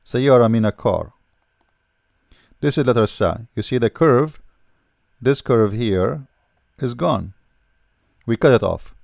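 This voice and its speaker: A man's voice: mid-range voice, animated, measured pace, creaky, long pauses, darkish tone, dry recording, clean studio sound. A man teaching the alphabet patiently, repeating sounds and often checking in with "all right?". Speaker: language teacher. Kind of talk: explaining letters while writing.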